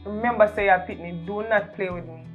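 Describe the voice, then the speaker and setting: A woman's voice: medium pitch, fairly quick, muffled recording, over music, natural voice. A woman playing the father's stern girlfriend, lecturing the daughter.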